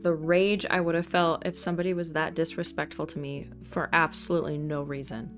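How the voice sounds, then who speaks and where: Chatty woman host with a lowish voice. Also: flat delivery, fairly quick, soft background music. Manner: chatty, exasperated commentary. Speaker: vlog host. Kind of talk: casual chat.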